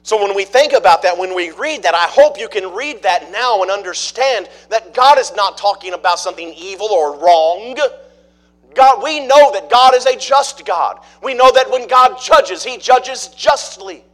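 A man's voice: high-pitched, animated, normal speed, a bit bright. A middle-aged man preaching a sermon in a conversational way, asking the congregation questions as he explains a passage. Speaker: pastor.

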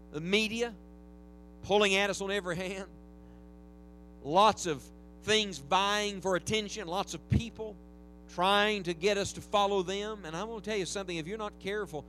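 A man's voice: high-pitched, a bit bright. A man preaching a revival sermon to a church congregation, with emphatic rises and humorous asides. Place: church sanctuary.

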